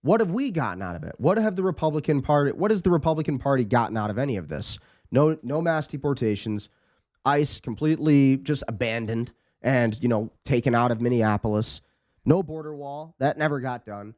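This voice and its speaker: A man's voice: mid-range voice, lively intonation, a little fast, a little mellow, dry recording. A man hosting political commentary, indignant and piling up rhetorical questions. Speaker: host and commentator.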